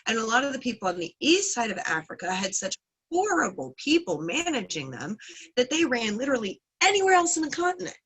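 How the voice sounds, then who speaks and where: A woman's voice: a little high, big pitch swings, fairly quick, fairly bright tone, breathy edge, rough recording. A woman teaching a casual class, retelling a folk tale in a chatty, playful way with frequent hedges. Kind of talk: casual lesson with folk storytelling.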